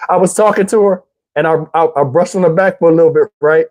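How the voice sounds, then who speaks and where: A middle-aged man telling a comic story, animated, with loud outbursts while acting out quotes. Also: a little high, fast. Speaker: comedian. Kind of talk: stand-up storytelling.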